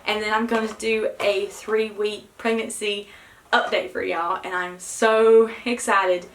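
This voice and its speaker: A young woman, vlogging casually to camera, excited and nervous, with many gasped exclamations. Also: mid-range voice, measured pace, roomy sound, poor audio. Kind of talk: casual vlog talk to camera.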